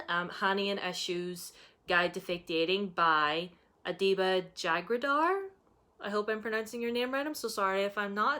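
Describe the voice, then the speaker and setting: A woman's voice: on the low side, bright, forceful tone. A woman chatting casually about her reading plans, with fillers and small laughs. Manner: chatty, with frequent fillers and giggles. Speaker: book vlogger. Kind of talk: casual reading-list chat.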